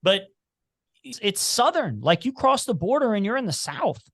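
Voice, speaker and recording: Man, slight Appalachian twang, somewhat high voice, dry close sound, animated casual chat. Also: normal speed, no echo. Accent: slight Appalachian twang, Cincinnati. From Cincinnati area, United States. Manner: animated, talkative, restarts and repeats words. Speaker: podcast guest.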